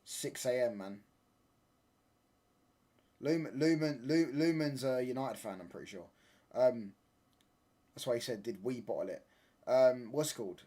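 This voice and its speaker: A man's voice: mid-range voice, measured pace, long pauses, dark tone. Cheeky young man bantering. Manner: cheeky teasing banter, laughs often, tags lines with mate and pal. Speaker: football watch-along streamer. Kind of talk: live casual chat over a match.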